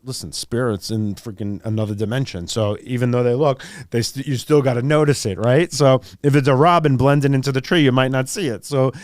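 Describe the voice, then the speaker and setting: A man's voice: medium pitch, steady tone, a little fast, hardly any pauses, no room sound, clean studio sound. A young man, hosting a podcast in a loose, rambling monologue with joking asides. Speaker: podcast host. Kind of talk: casual monologue.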